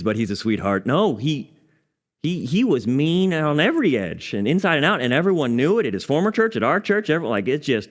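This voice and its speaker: In a church, a male pastor leads a Bible study and shares a personal story. At solemn moments his voice drops low and soft.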